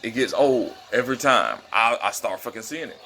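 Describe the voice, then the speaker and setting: Gravelly laid-back man riffing on a fight. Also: mid-range voice, lively intonation, moderate pace, sharp tone, soft background music. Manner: laid-back, profane, laughs often. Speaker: vlogger reacting to a fight. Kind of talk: casual fight-reaction commentary.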